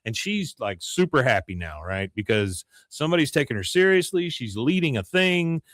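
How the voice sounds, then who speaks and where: A man's voice: medium pitch, sing-song, normal speed, a bit bright, no echo, studio quality. A man hosting a podcast, casually recapping an episode and quoting the characters in shifting voices. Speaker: podcast host.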